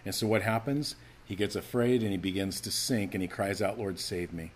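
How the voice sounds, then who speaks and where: A man preaching a sermon to his church, animated and emphatic, acting out the scripture's voices as he teaches. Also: fairly low pitch, brisk. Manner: animated, acts out quoted lines, rising to emphatic calls. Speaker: pastor.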